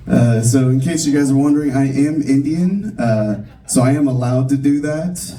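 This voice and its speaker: A man's voice: mid-range voice, unhurried, dark tone. A young adult man performing a stand-up comedy set in a comedy club, talking casually and mocking himself, with lots of fillers. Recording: distant room recording of a live set.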